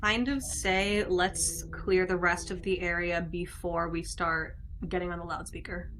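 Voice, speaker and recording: A woman's voice: fairly low pitch, level tone, a little slow, a bit bright, faint music behind, low-quality recording. A woman playing a tabletop game, making practical plans for her group in a casual, upbeat way. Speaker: player.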